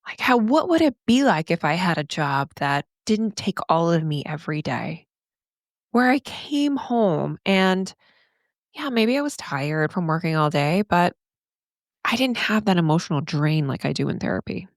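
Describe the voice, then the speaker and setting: Middle-aged woman talking straight to her listeners, earnest and candid, a bit low-pitched, super dry close mic. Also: moderate pace, no echo. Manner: earnest, candid, animated, casual swearing and laughs. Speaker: podcast host and therapist coach. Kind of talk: solo podcast monologue.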